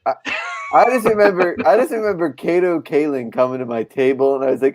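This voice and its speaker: A man chatting on a podcast as a comic book artist, telling profane, animated stories. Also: fairly high pitch, a little fast. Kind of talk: casual podcast chat.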